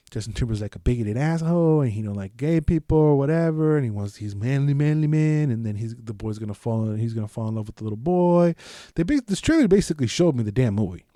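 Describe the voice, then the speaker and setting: Mellow-voiced man rambling solo on a podcast. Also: fairly high pitch, dry recording, clean studio sound. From United States. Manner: rambling, loose and profane, with frequent restarts. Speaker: podcast host. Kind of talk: solo casual podcast chat.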